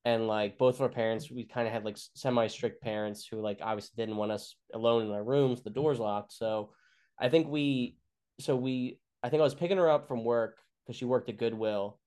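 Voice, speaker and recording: A man's voice: mid-range voice, normal speed, mellow. Rambling, swearing man telling a story. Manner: rambling, many fillers and restarts, swears freely. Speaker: comedian guest. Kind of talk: casual storytelling chat.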